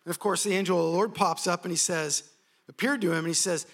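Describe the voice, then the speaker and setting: A man preaching a sermon, telling a story in an animated, humorous way. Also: high voice, fast.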